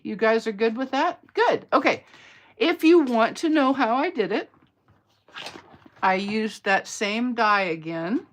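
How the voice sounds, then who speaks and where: A craft demonstrator from the Atlanta area in the US makes cards live, chatting playfully and bantering with viewers mid-demo. Her voice is medium-pitched and fairly bright.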